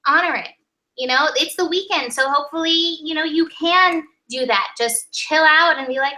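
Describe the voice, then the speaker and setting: A chatty woman walks through a weekly tarot spread, acting out quick quoted voices. Her voice sits high. Her tone is bright and clear. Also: rough recording. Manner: chatty, animated, acts out little quoted voices. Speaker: tarot reader co-host. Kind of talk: weekly tarot and astrology reading.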